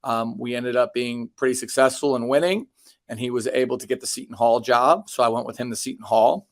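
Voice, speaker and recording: A man's voice: mid-range voice, steady tone, fairly quick, dry recording. A man in his thirties, a basketball coach, answering interview questions casually with many ums and restarts and dry self-deprecating jokes.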